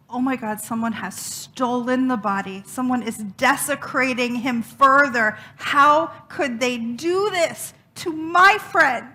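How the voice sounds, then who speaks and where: A woman's voice: sits high, pushed and bright, exaggerated voice. A woman minister voicing a grieving woman disciple in a sermon retelling, pleading and breathless.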